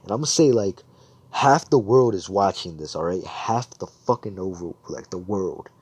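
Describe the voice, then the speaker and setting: A man's voice: low voice, moderate pace, darkish tone, slightly rough, no room sound. A man improvising a fan fiction story aloud, rambling, swearing and correcting himself as he goes.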